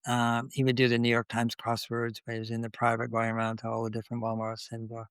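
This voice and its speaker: An older man telling a long anecdote as a guest in a conversation. His pitch sits in the middle range and he often restarts phrases while quoting others. The recording is close and dry. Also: monotone, fast talker, a bit bright, smooth, no room sound. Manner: anecdotal, acts out quoted dialogue, restarts often. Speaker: interview guest. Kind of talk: conversational storytelling.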